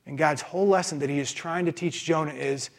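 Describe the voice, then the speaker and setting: Pastor, sermon delivery, high-pitched man, emphatic, punches his points with rhetorical questions. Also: a little fast, vocal fry.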